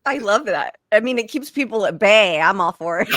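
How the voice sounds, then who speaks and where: A woman's voice: medium pitch, animated, moderate pace, a bit bright, dry recording, studio quality. A woman hosting a podcast interview, effusive and eager as she asks her guest questions. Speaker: podcast host. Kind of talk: casual interview.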